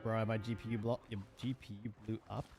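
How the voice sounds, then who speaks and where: This young man from Australia has a fairly low voice and talks a little fast during a casual game stream in his room. He says he's monotone, and he rambles, often starting sentences over. His desk mic is held very close to his mouth, and game sounds fill the noisy stream audio.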